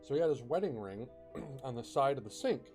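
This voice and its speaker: A man's voice: medium pitch, expressive, a little fast, a little mellow, soft background music. A man casually telling a ghost story, chatty, with fillers and bursts of dramatic emphasis.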